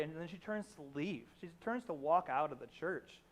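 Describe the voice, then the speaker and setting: A young pastor with a slightly high voice delivers a sermon like a relaxed conversation. He leans on fillers and restarts, and slips into quoted characters' lines as he retells a scene. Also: normal speed.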